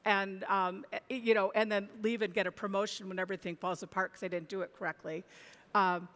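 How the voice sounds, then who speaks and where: Woman panelist, reflective and hesitant, mid-pitched, recorded on a reverberant conference stage. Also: fairly even intonation, fairly quick, a bit bright. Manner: thoughtful, many restarts and fillers. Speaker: industry analyst on a panel. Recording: long hall reverb.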